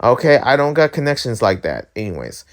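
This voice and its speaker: A man's voice: medium pitch, wildly swooping pitch, a little fast. A man hosting his own channel, talking through the news in a candid, rambling way, blunt with his opinions and often restarting his sentences. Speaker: YouTube channel host. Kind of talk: casual news commentary.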